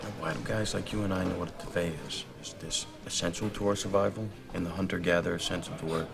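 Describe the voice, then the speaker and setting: A man's voice: sits low, quick pace, creaky, loud music behind the voice. An actor playing a brash, anarchic young man who rants with scorn about consumer life, in film dialogue. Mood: musing. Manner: scornful, declarative ranting.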